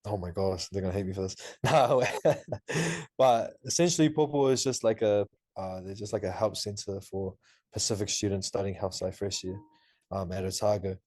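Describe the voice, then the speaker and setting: A young man in his twenties from New Zealand, a podcast guest and student telling stories in an animated, laughing way with lots of fillers. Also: lowish voice, moderate pace, dry recording, clean studio sound. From Auckland, New Zealand. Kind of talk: casual interview talk.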